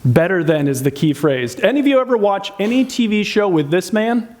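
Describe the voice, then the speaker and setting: A high-pitched man delivers a sermon in a chatty, conversational way. He keeps asking his listeners questions. He acts out hurtful remarks in changed voices to make his points. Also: lively intonation, a little fast, a little mellow. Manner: conversational, asks the audience many questions. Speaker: pastor.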